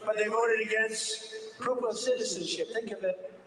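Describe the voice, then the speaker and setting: A man's voice: sits high, fairly even intonation, moderate pace, fairly bright tone. An older man giving an off-the-cuff political speech, rambling and repeating himself as he digresses. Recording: distant echoey room with background noise.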